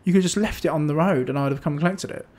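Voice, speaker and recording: A man, co-hosting a podcast and telling animated stories in casual chat. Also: on the high side, racing. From England. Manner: chatty storyteller, animated, restarts often. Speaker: podcast co-host.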